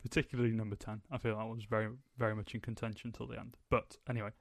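A man's voice: lowish voice, level tone, very fast, vocal fry, dry recording, clean studio sound. A young man hosting a podcast, chatting casually and rambling with lots of fillers. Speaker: podcast host. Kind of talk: casual chat.

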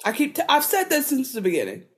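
A woman's voice: high voice, huge pitch swings, quick pace. A woman co-hosting a podcast, chatting casually in a rambling, profane way full of filler words. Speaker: podcast co-host. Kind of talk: casual chat.

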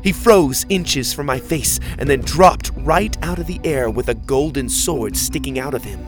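A man narrating a children's adventure story in the first person, with expressive storytelling. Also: medium pitch, unhurried. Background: faint music.

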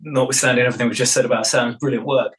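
A film director in casual interview chat, relaxed, with many fillers and restarts. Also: male voice, mid-range voice, rapid-fire, low-quality recording.

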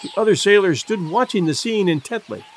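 A male audiobook narrator reading a classic adventure in a measured, expressive way. His voice is fairly high and lively in pitch. Faint hiss sits behind him. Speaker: audiobook reader. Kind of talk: scripted narration.

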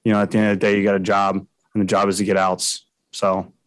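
A man, a baseball pitcher, answering postgame press questions bluntly and haltingly, with many fillers. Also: level tone, no room sound, low-quality recording.

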